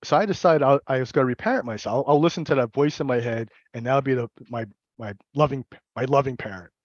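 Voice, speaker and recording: A man's voice: medium pitch, dry recording, dull audio. Candid man sharing his recovery story. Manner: candid, halting, with repeated words and laughter. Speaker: recovery meeting speaker. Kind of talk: personal recovery share.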